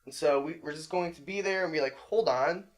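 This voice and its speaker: A man's voice: on the high side, fast talker. A young man hosting a casual podcast chat, rambling with lots of fillers and frequent laughter. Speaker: podcast host.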